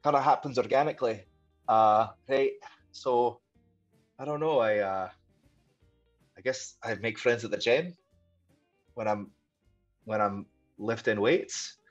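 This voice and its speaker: A man answering a question in a put-on Scottish accent, halting and unsure, laughing it off. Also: medium pitch, lo-fi sound, soft background music, lightly acted. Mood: sheepish. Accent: attempted Scottish.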